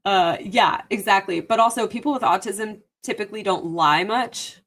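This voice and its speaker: A woman's voice: medium pitch, moderate pace, fairly bright tone. A woman streamer co-hosts with a mid-range voice, talking with emphasis. She curses freely and laughs as she goes. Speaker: streamer and podcast co-host. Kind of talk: casual chat.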